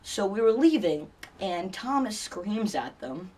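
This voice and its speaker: A man's voice: high voice, very animated, measured pace, a little mellow, slightly rough, far from the mic. A teenage boy vlogger telling a story in a rambling way, with many fillers and restarts. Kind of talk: casual storytelling vlog.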